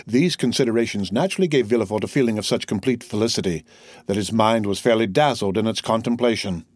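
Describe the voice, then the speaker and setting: A man with a voice on the low side narrates a classic novel for an audiobook, reading in a steady, measured way with no echo.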